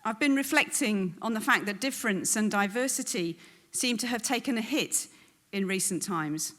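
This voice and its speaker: A woman from England with a southern English accent, giving an earnest prepared welcome speech as event host, pausing on frequent ums. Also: medium pitch, a bit bright. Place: event venue hall.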